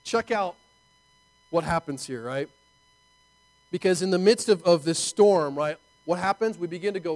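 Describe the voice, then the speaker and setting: A man preaching a sermon in an animated, conversational way, full of rhetorical asides to his listeners. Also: high voice, normal speed, low-quality recording. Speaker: pastor.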